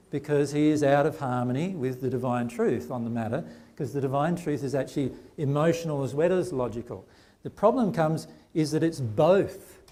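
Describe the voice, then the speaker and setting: A man's voice: mid-range voice, warm tone. A man giving an earnest seminar talk to a live audience, often checking in with "right?". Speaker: spiritual teacher.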